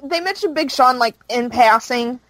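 A woman's voice: high voice, normal speed, fairly bright tone, dry recording, low-quality recording. A woman casually recapping a show's plot, rambling with fillers as she goes. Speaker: podcast co-host recapping a show. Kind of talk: casual chat.

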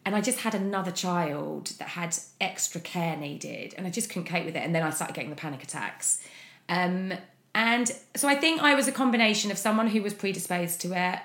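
A woman speaking as an interview guest, frank and open in a candid personal account, often pausing on fillers. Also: on the low side, animated, fairly bright tone. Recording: echoey room.

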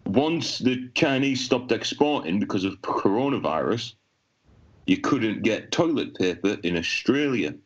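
Man, podcast co-host, low-pitched, deadpan crude banter, dull lo-fi sound. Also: a little slow. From England. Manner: deadpan, crude joke-telling. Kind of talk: casual banter.

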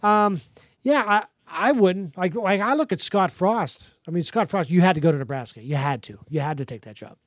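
A man from Pennsylvania hosting a casual sports podcast, talking in quick, animated bursts and often restarting his sentences. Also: high voice, no room sound, studio quality. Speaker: podcast host.

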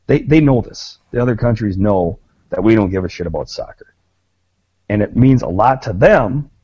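A man's voice: lowish voice, expressive, moderate pace, warm tone, breathy edge, no echo, dull audio. A man co-hosting a podcast in casual chat, gloating with profane, gleeful mock-jingoism. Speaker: podcast co-host.

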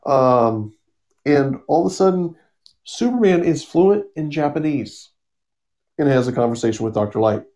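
A man's voice: fairly high pitch, animated, moderate pace, darkish tone. A man casually summarizing a comic book story on a podcast, rambling with fillers and acting out the characters' lines. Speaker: podcast co-host.

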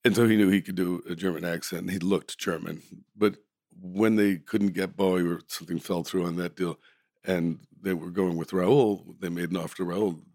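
A man's voice: low voice, fairly even intonation, normal speed, darkish tone, no room sound, clean studio sound. A man, an actor, casually telling rambling, amused stories from a film shoot, often restarting his sentences. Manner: rambling, self-correcting, amused. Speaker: actor guest. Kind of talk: casual anecdotal storytelling.

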